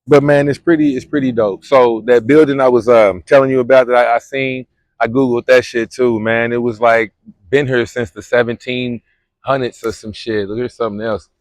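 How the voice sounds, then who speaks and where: A young man from Louisville, Kentucky vlogs outdoors at a spring on a phone camera, talking in a loose, slangy, rambling manner. His mid-range voice is steady in tone and normal in speed, with no echo in this casual vlog chat.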